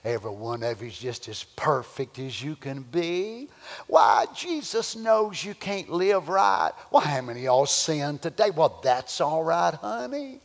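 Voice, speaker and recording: A man putting on the voice of a soft-spoken, flattering preacher who coddles his flock in a sugary, quiet way, heard in an echoey church hall. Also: a little high, a little slow, creaky, voice pushed down, exaggerated voice.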